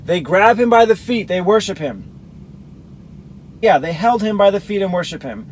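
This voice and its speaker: Male Bible teacher, higher voice, reads verses and then breaks them down; faint background noise. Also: lively intonation, normal speed, poor audio. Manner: explanatory, reads verses then compares accounts. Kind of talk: scripture reading with commentary.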